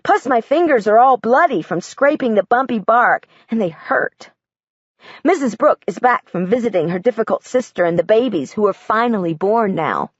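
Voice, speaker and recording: A woman's voice: a little high, animated, moderate pace, husky, dry recording, dull audio. A woman narrating an audiobook in the first person, in a matter-of-fact, literal and earnest manner.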